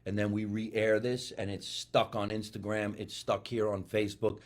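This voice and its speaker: A man's voice: on the low side, level tone, normal speed. A man from the Bronx with a New York accent, hosting a casual live comedy show and reading out viewer comments. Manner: loose, laughing banter, reads viewer comments aloud. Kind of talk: casual live-stream chat.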